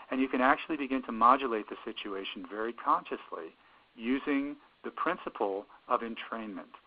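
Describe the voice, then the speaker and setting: A man of middle pitch talks about sound and therapy in a measured, explanatory way. He draws some phrases out and circles back on his words now and then. The sound is thin and boxy, like a radio broadcast heard over a phone line. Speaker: speaker on sound and music therapy.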